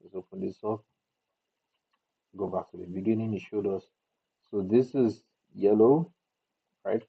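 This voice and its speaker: In a low, unhurried voice that's gravelly with a breathy edge, a man casually guides viewers through video editing in a screen recording. He thinks out loud and restarts sentences, and the sound is thin and phone-like.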